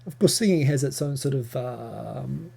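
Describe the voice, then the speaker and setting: A man's voice: mid-range voice, expressive, a little slow, gravelly, dark tone, slightly rough. A man with a New Zealand accent hosting a casual live Q&A, reading viewer questions and answering in a chatty, rambling way with frequent ums and restarts. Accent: New Zealand English.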